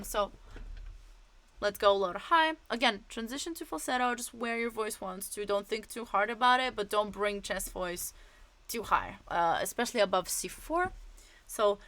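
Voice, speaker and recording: A woman voice teacher walks through vocal exercises, chatty and hands-on, dropping in fillers as she demonstrates. Her voice sits a little high and rings bright and sharp. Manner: casual, demonstrative explanations with many fillers.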